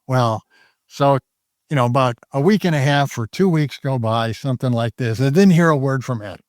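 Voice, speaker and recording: An older man appearing as a guest trader on an interview show tells a story casually, rambling with lots of fillers and constantly stopping and restarting sentences. His voice is medium-pitched, darkish in tone, and moderately paced, and the recording is dry and close with almost no room sound.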